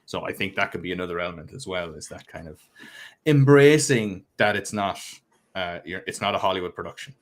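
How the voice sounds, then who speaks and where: A man in casual podcast conversation about tabletop games. He thinks out loud, rambles with fillers and pokes fun at himself. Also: sits low, animated, fairly quick. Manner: reflective, rambling with fillers, self-deprecating. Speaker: podcast co-host.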